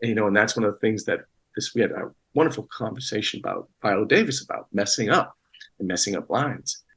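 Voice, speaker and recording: A man's voice: on the low side, lively intonation, fast talker, a bit bright, breathy edge, low-quality recording. A man talking as a guest actor in a casual interview, rambling with many restarts and fillers.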